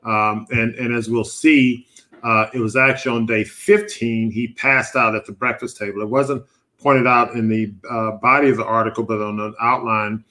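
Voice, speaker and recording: A middle-aged doctor hosts a live online panel from a studio, walking through a case on slides in a relaxed, conversational style with lots of fillers. He speaks at medium pitch and a moderate pace.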